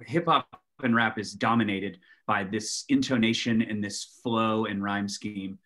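A webinar moderator chatting casually, halting and musing as he speaks. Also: medium pitch, steady tone, a bit bright. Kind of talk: casual chat.

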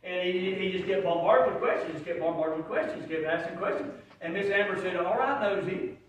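A male pastor, preaching a folksy sermon that swells into shouted emphasis. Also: sits high, fairly even intonation, fast, a little hiss or hum. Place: church sanctuary. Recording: very echoey room, from far off.

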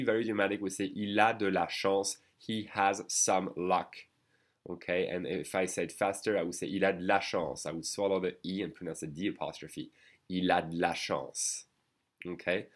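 A man teaching a lesson in English, explaining patiently and repeating phrases slowly while checking in with "okay?" and "d'accord?". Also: low voice. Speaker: French teacher. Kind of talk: online language lesson.

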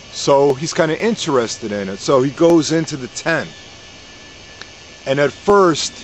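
A man telling a story casually and in a folksy way, with mid-range pitch. He repeats phrases in a relaxed rhythm. A faint hiss runs under the recording. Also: rough recording.

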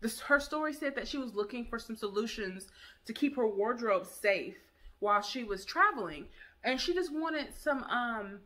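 A woman's voice: fairly high pitch, animated, normal speed, fairly bright tone. A woman hosting a casual product review vlog, chatty and enthusiastic, talking straight to her viewers.

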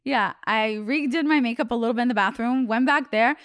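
Young woman host with smooth voice, rambling. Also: a little high, brisk, dry recording. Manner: rambling storytelling, heavy "like" fillers. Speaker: podcast host. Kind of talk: casual chat.

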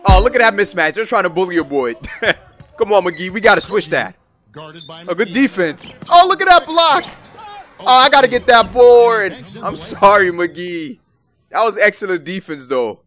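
Young man, gaming commentary, high voice, very animated, hyped and boastful, faint music behind. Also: moderate pace. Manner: hyped, exclaiming, trash-talking. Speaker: gaming YouTuber. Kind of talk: excited gameplay commentary. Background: background music.

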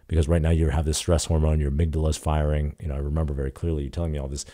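Very deep, mellow-voiced man telling stories. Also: very fast. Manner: casual, animated retelling with quoted dialogue and frequent "like". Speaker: startup founder, guest. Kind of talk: candid storytelling in an interview.

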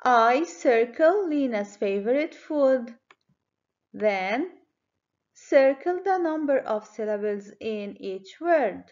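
A woman teacher giving a children's phonics lesson, speaking clearly and encouragingly. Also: on the high side, expressive, darkish tone, highs cut off. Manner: slow, clear, encouraging classroom delivery.

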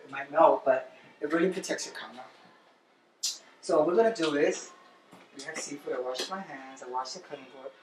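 A woman's voice: deep voice, brisk, pauses often. Chatty flamboyant woman cooking. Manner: chatty, flamboyant, talks to viewers. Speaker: cooking show host. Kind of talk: cooking demonstration. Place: home kitchen. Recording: roomy kitchen, distant mic, noisy.

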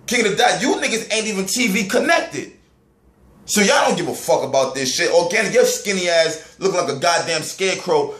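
A man rants with raw anger, his voice pitched high and swinging widely as he scolds. The sound is echoey, as if recorded in a bare room. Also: expressive, brisk, fairly bright tone. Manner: angry, profane, heated ranting. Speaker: battle rap commentator. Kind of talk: ranting vlog.

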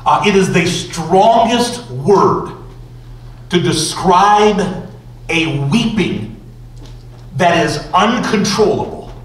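A male pastor preaching a sermon slowly and emphatically, with dramatic pauses. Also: high voice, sing-song. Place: church sanctuary. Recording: roomy church echo from far off.

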